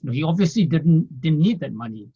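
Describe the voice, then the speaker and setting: A man, a former financial planner, telling his story in an interview in a rambling way, filling pauses with "you know" and small laughs. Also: a little high, animated, breathy edge. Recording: dull lo-fi audio.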